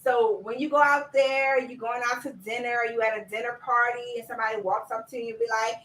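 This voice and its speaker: Chatty high-voiced woman in an echoey room. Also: fairly quick, hardly any pauses, far from the mic, slight background noise. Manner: lively, chatty, laughs often, talks to viewers directly. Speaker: business coach. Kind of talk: live-stream chat with viewers.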